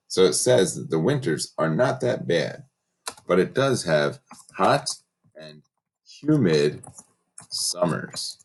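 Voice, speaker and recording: A man's voice: low voice, sing-song, slow pace, pauses often. A man teaching a third grade class in a recorded lesson, giving patient step-by-step instructions and reading from a textbook.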